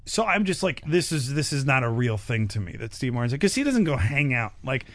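A young male comic tells a long backstage story in a casual chat, full of fillers and animated bits. His voice is mid-range and brisk, with no echo.

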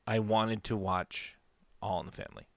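A man's voice: on the low side, moderate pace, no room sound, clean studio sound. Rambling man in casual chat. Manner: rambling, animated storytelling with impressions.

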